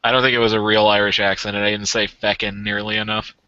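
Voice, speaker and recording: A man's voice: fairly low pitch, flat delivery, fast, pushed and bright, clear, resonant tone, dry recording. A man joking around as a player in a tabletop game. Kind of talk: tabletop role-play banter. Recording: dull lo-fi sound.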